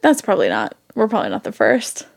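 A woman's voice: mid-range voice, wildly swooping pitch, quick pace, vocal fry. A young woman with a New England accent, co-hosting a podcast in giggly, self-deprecating casual chat. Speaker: podcast co-host.

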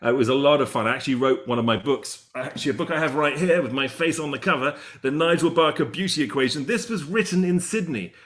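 English guy, middle-aged, hosting a video call chat, kinda high voice, playful and joking. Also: quick pace, few pauses, a bit bright. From England. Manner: chatty, playful, self-mocking. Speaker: interview host.

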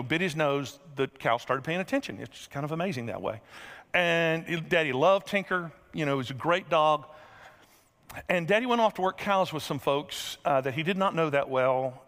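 Guy preaching, folksy storyteller, kinda high voice, big echoey hall. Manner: folksy, animated storyteller who acts out scenes. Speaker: pastor. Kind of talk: sermon with storytelling. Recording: reverberant large hall.

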